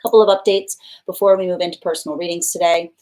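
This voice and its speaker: A woman's voice: on the low side, steady tone, quick pace, a little mellow, poor audio. A woman giving a live tarot reading who talks animatedly, laughs often and acts out little quoted exchanges, with plenty of casual fillers and repeated words for emphasis. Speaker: tarot reader.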